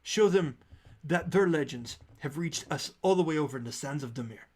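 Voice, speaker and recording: A man's voice: fairly high pitch, expressive, normal speed, a little mellow. Man playing a showy troupe-leader father. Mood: rousing. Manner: persuasive and showy. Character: grand, theatrical male troupe-leader father.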